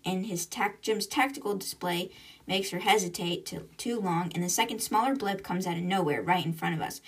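A young woman hosts a casual book podcast, recapping chapters in a chatty way and tossing in side comments. Her voice is husky and she sits a little back from the microphone. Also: on the low side, moderate pace, distant mic. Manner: chatty, retells with asides. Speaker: podcast host.

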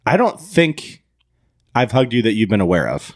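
A man co-hosting a casual podcast, joking in an animated way and quoting movie lines. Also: fairly low pitch, moderate pace, dry recording, clean studio sound. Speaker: podcast co-host.

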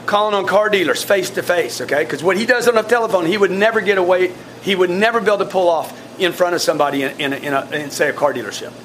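A man coaching his sales staff in a blunt, animated way, often restarting his sentences. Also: sits high, slight background noise. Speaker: sales team leader.

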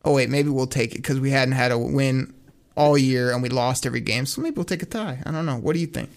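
A man in mid-range pitch rants about football in a casual co-hosted chat. He talks with sarcastic, animated energy, sometimes slowing down for emphasis. He often breaks into laughter. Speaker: sports podcast co-host. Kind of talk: casual sports talk rant.

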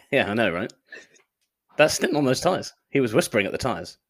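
A man's voice: medium pitch, very animated, slightly rough. A man co-hosting a casual chat podcast, joking, laughing often and mocking himself. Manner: quick, laughing, self-mocking. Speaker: podcast co-host.

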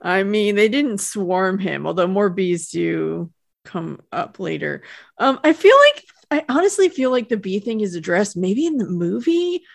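Female podcast co-host, wry and chatty, gravelly voice, dry close recording. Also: medium pitch, very animated, a little slow, no echo. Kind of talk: casual chat.

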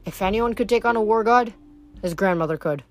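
A woman reading a novel aloud in a steady, even way. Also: mid-range voice, brisk, faint music behind. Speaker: audiobook reader.

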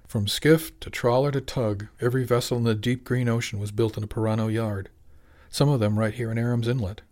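A man reading a novel aloud as narrator, steady and measured. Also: mid-range voice. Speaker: audiobook narrator. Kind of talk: scripted narration.

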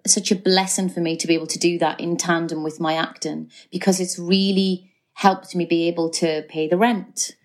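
A middle-aged woman with a Geordie accent chats easily in a relaxed interview. Her voice sits a little low, and her talk runs loose, with fillers and self-corrections. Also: moderate pace. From North East England. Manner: chatty, frequent fillers and restarts. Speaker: actress guest. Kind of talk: casual chat.

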